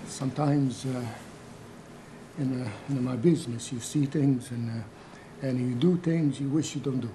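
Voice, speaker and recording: A man playing an older Italian immigrant mob grandfather in a comedy sketch, speaking halting, broken English with an Italian accent and slipping into Italian. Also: mid-range voice, noisy background, natural voice. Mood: grave storytelling.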